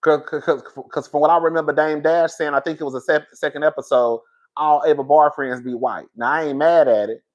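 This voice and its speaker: A man with a fairly high voice, giving a loose, candid commentary straight to his viewers. He swears freely and rambles, restarting sentences and drifting into asides before circling back to his point. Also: steady tone, fairly quick, muffled recording. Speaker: reality TV commentator. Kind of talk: casual commentary vlog.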